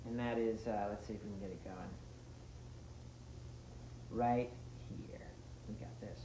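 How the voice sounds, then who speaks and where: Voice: medium pitch, fairly even intonation, measured pace, very noisy, close to an everyday voice. A performer playing a goofy, rambling wasteland busker who talks to the audience between jokey songs on a guitar. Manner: rambling, self-narrating, jokey. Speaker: in-world musical entertainer. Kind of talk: comedic in-character musical interlude. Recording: echoey room, dull lo-fi sound, loud guitar.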